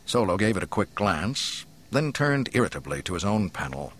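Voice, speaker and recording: Low-voiced man narrating dramatically. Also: moderate pace, a little hiss or hum. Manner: dramatic, expressive storytelling. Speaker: audiobook narrator. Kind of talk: scripted narration.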